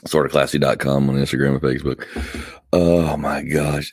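A man's voice: extremely low pitch, steady tone, moderate pace, gravelly, a little mellow, husky, dry recording, studio quality. A tired man hosting a casual podcast, rambling and interrupting himself with wry asides. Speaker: podcast host. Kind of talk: casual chat. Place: Atlanta area.

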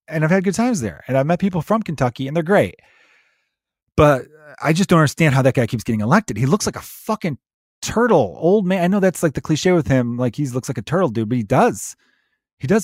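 A man's voice: fairly high pitch, dry recording. Profane ranting man, dry close sound. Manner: profane, ranty, digressive. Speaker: comedian. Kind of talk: ranting podcast monologue.

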